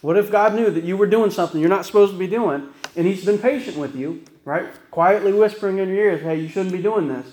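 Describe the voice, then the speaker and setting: Man, pastor, conversational sermon, folksy asides, slightly high voice. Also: fairly quick, darkish tone. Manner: folksy storytelling, frequent "right?" asides. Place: church sanctuary. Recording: echoey church room.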